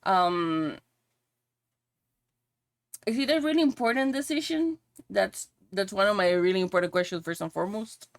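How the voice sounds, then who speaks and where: A woman's voice: medium pitch, moderate pace, long pauses, no room sound. A woman streamer chatting casually while she draws on a live stream, swearing freely and singing along to songs now and then.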